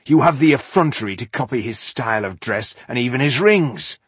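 A man's voice: medium pitch, lively intonation, a little fast, fairly bright tone, husky, no echo, pitched above the performer's own voice. A man doing a stern dwarf leader. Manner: curt, commanding.

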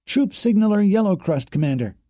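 A man's voice: high voice, very animated, brisk, mellow, dry recording, studio quality, voice pushed up. A man voicing a female alien troop signaler who recites her training drill in a formal, parroting way.

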